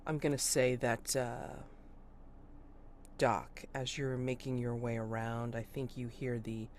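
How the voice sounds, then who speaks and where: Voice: mid-range voice, flat delivery, slow pace, darkish tone, a little hiss or hum. A game master narrating a tabletop role-playing game in a hesitant, filler-heavy way.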